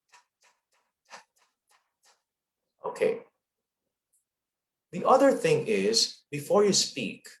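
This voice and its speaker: A man's voice: mid-range voice, roomy sound. A man with a Filipino accent and a trained broadcast voice, leading an online lesson on public speaking and checking in often with "okay?". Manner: coaching, checks in with frequent "okay?".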